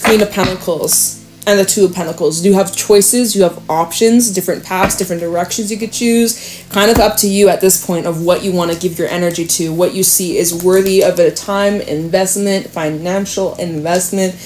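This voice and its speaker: A woman's voice: lowish voice, steady tone, normal speed, darkish tone, faint music behind. A woman reading tarot cards to camera in a casual, chatty way, laughing often and reassuring her viewers. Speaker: tarot reader.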